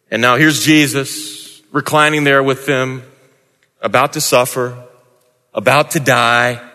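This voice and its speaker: Animated male preacher, bright voice, echoey hall. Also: fairly high pitch. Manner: dramatic, with wide swings in tone and emphasis. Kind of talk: sermon.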